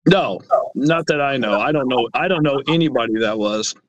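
A middle-aged man speaking as an interview guest, halting and repetitive as he talks about personal matters. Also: mid-range voice, no room sound. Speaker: podcast guest, brother.

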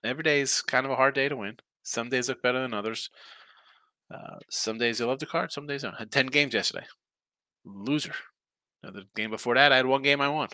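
Bright-voiced man rambling through betting picks. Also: mid-range voice, a little fast, dry recording. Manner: rambling, thinking aloud, reacting to chat comments. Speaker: sports betting picks host. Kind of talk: casual live-stream chat.

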